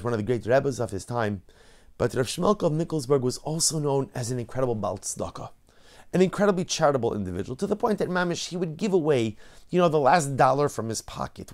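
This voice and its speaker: A man who is a rabbi, telling a story in a sermon in an animated, dramatic way. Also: medium pitch.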